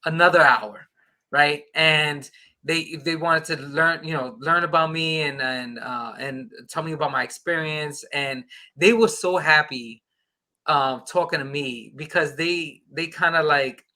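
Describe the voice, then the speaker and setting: A man, a podcast guest, telling an excited casual anecdote and acting out the dialogue. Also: on the high side, a little slow.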